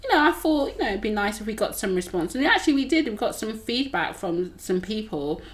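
A woman's voice: mid-range voice, very animated, fairly quick. A woman co-hosting a casual podcast. Her voice sits in an ordinary middle register. She chats freely, laughs often and reads out comments from listeners. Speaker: podcast co-host.

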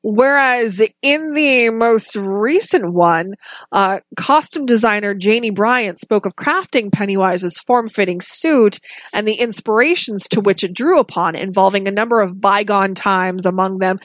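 A woman's voice: medium pitch, measured pace, no echo. A woman co-hosting a casual podcast chat about a film, talking with enthusiasm and frequent restarts. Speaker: podcast co-host.

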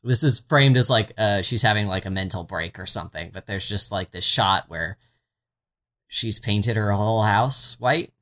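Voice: deep voice, moderate pace, fairly bright tone. A podcast co-host recapping a TV series in casual chat, rambling through asides with a wry, sarcastic edge and the odd swear word. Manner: rambling and self-interrupting, with frequent "like" and "um" asides.

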